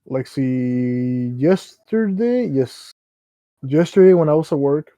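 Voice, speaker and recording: A man's voice: fairly high pitch, lively intonation, slow pace, mellow, dry recording. A young man co-hosting a podcast, telling rambling work stories with lots of slang and fillers. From Mexican background. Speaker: podcast co-host. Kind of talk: casual storytelling chat.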